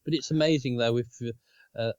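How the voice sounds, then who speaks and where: An Australian man co-hosting a casual podcast, talking in halting, restarting phrases with easy chuckles. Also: medium pitch, steady tone, darkish tone, clear, resonant tone, dry recording, lo-fi sound. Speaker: podcast co-host. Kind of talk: casual chat.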